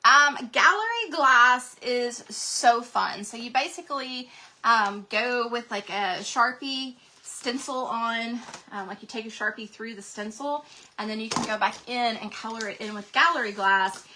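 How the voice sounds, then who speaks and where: Woman, craft livestream host, slightly high and bright voice, bubbly and chatty with her viewers. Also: measured pace, a little hiss or hum. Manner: bubbly, gushing, chatty, talks to viewers in the chat. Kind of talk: casual craft livestream chat.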